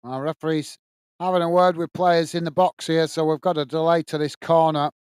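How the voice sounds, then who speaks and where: English bloke doing a football watchalong, higher voice, smooth and dry, keeps thanking chat. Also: male voice, flat delivery, brisk, darkish tone, dry recording. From England. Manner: chatty, thanks viewers by name, calls them mate. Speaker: football watch-along host. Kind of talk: live match commentary and chat reading.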